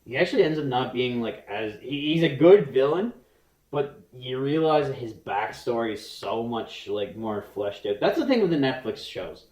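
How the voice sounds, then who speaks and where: Young guy cohosting a podcast, mid pitch, rambles and restarts a lot, roomy echo on the mic. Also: animated, a little mellow. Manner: rambling, restarts often, quick bursts then slow. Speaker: podcast co-host. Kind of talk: casual chat.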